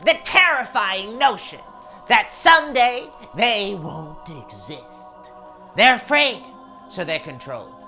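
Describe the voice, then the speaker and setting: A man voicing an unhinged, menacing male clown criminal who shouts in frenzied bursts over music. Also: high-pitched, voice pushed up, full character voice. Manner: shouting, frenzied, drawn-out words. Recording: music underneath.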